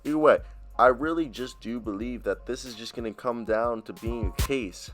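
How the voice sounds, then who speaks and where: A man's voice: mid-range voice, moderate pace, soft background music. A man giving blunt, opinionated basketball commentary on his vlog, talking straight to viewers into a laptop mic. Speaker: sports commentator.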